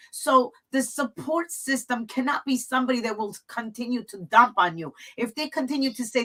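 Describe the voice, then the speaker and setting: Woman talk show host, bright clear tone, earnest, heartfelt, talking straight to her guest. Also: fairly high pitch, a little fast, hardly any pauses, rough recording. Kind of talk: talk show conversation, personal testimony.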